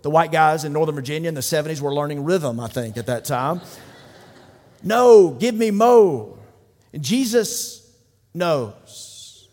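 A male pastor preaching in a church sanctuary, his voice sitting a touch high for a man. He drives his points home with rhythmic repetition that swells in intensity, and a long hall reverb trails every phrase. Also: moderate pace. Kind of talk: sermon.

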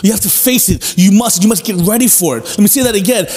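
A man's voice: high voice, fast, a little mellow, slight background noise. A male pastor preaching a sermon, earnest and emphatic, repeating key phrases and asking rhetorical questions. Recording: long hall reverb with faint music.

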